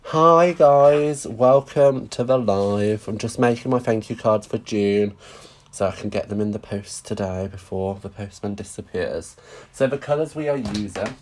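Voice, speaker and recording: A man's voice: on the low side, normal speed, darkish tone. A man chatting casually through a live-stream stamping craft demonstration, greeting viewers and making self-deprecating asides.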